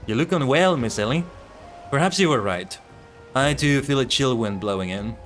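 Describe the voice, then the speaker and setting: A man voicing a pompous, self-assured gentleman inspector with old-fashioned, theatrical phrasing, reading game dialogue aloud. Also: medium pitch, lively intonation, moderate pace, soft background music, close to an everyday voice.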